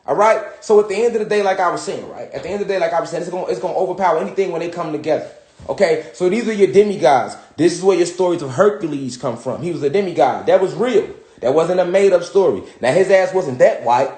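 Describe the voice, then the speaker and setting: A man's voice: high voice, expressive, quick pace, hardly any pauses, darkish tone. A man teaching a casual, rambling lesson from home, profane and full of repeated "you know what I'm saying.". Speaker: spiritual teacher. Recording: roomy echo.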